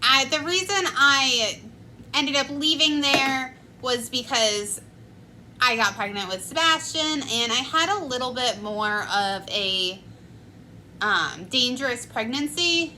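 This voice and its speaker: A woman's voice: high-pitched, takes it slowly, sharp tone, a little hiss or hum, low-quality recording. A woman in her twenties telling a personal story in a chatty vlog, with lots of filler words. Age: 20s. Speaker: vlogger. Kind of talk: casual storytime.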